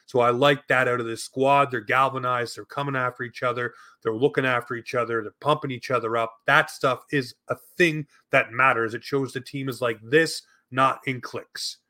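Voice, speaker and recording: A man talks through his hockey opinions in a solo commentary. He is emphatic and argumentative, hammering his points home with repeated phrases, in a voice of ordinary pitch. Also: fairly even intonation, normal speed, hardly any pauses, bright, forceful tone. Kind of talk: opinionated sports commentary monologue.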